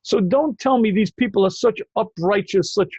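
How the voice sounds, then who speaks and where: High, insistent rabbi man on lo-fi audio. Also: normal speed, a little mellow, husky, no room sound. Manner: emphatic, keeps interrupting with repeated phrases. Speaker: rabbi answering callers. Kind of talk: call-in Q&A talk.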